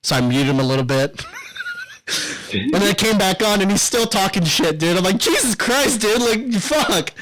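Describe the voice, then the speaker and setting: A man's voice: high voice, fairly quick, pauses often, a bit bright, rough recording. A young adult man co-hosting a casual podcast, rambling and profane, often breaking into laughter. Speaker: podcast co-host.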